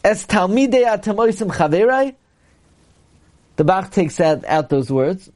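A man teaching a Talmud class, reading Aramaic lines and explaining them with lively retelling. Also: high-pitched, unhurried. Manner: reads Aramaic then explains in English, animated.

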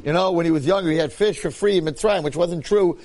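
A Torah teacher leads an informal class in a slightly high voice at a quick pace. He's animated, repeats his points and phrases, and acts out the quotes he shares.

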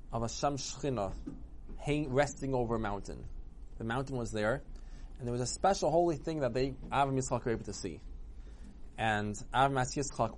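A man retelling a religious story for children in an animated way, acting out the characters. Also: mid-range voice, slight background noise.

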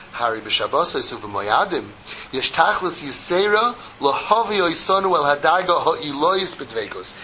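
Rabbi guy telling a story in his sermon, lively and jokey, bright kinda high voice. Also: slight background noise, low-quality recording. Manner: animated storyteller, joking with listeners. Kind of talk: sermon with a parable.

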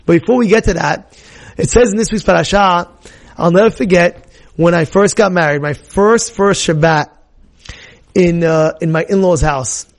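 A middle-aged man preaching with a bright, high voice. He swings from low, hushed storytelling to loud, excited bursts and mixes Hebrew terms into his sermon. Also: normal speed. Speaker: rabbi giving a weekly Torah talk. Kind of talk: animated sermon.

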